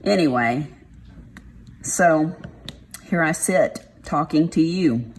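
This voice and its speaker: A woman's voice: low voice, slow pace, slight background noise. A woman with a Texas accent, chatting casually and frankly while she does a craft, with plenty of y'alls and mild swearing. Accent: Texan. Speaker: craft vlogger. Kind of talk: casual chat while diamond painting.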